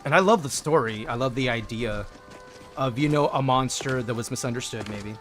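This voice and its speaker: A man's voice: medium pitch, moderate pace, a bit bright, faint music behind. Jokey man streaming a game. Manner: playful, jokey, greets chat by name. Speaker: livestreamer. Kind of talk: casual gameplay chat with viewers.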